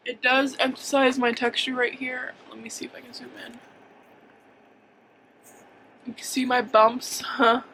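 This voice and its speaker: Bright-voiced hyper young woman vlogger. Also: high voice, level tone, measured pace, long pauses, a little hiss or hum, low-quality recording. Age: 20s. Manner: chatty, hyper, rambling with fillers. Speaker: beauty vlogger. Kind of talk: casual makeup tutorial talk.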